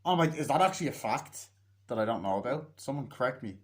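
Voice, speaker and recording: A man giving a casual, rambling film recap. He swears often and acts out the characters' lines in quick put-on voices. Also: medium pitch, lively intonation. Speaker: movie reviewer.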